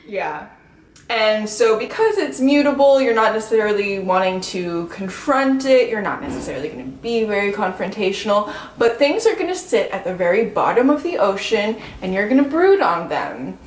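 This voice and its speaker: A young woman co-host chatting casually and playfully, often breaking into giggles. Her pitch jumps around in a lively way. The room is echoey, with a faint hum of ambience behind her. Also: normal speed. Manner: giggly, playful, jokey asides. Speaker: astrology podcast co-host. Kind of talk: casual chat.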